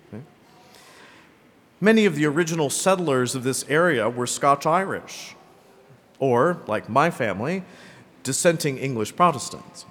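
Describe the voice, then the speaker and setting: A man's voice: mid-range voice, fairly bright tone. A man preaching a sermon as a priest, talking conversationally and often checking in with "right?" and "okay?". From Greenville, South Carolina. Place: church. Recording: long church reverb.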